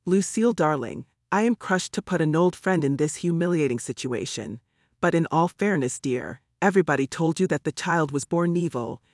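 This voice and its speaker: A man's voice: on the high side, expressive, moderate pace, dry recording, studio quality. A man reading the part of a gossipy older village lady, sugary and falsely sympathetic in an audiobook.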